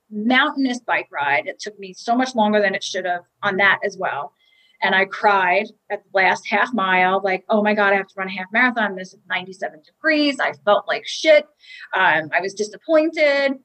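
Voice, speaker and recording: A woman's voice: on the high side, fairly bright tone, low-quality recording. A woman telling a candid, emotional personal story about a triathlon, with restarts and quoted inner thoughts.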